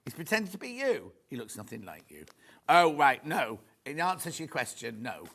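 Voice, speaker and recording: A man's voice: medium pitch, sing-song, moderate pace, fairly bright tone, breathy edge. A man presenting live on a shopping channel from a TV studio, chatting in a rambling, gushing way with plenty of asides. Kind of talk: live sales demo chat.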